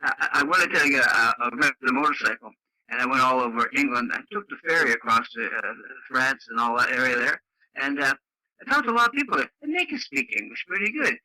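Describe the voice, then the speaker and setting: A man's voice: mid-range voice, expressive, fairly quick, bright, forceful tone, no room sound, rough recording. An older man from Canada chatting bluntly on a radio net, laughing often and using lots of fillers. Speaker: radio club member. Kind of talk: casual radio chat. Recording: dry radio audio.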